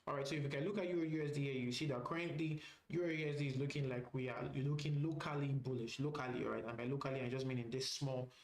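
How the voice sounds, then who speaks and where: A man's voice: mid-range voice, fairly even intonation, fast, few pauses. Echoey man walking through trading charts. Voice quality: frequent "all right" fillers, repeats phrases. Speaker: trading instructor. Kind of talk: live trading walkthrough.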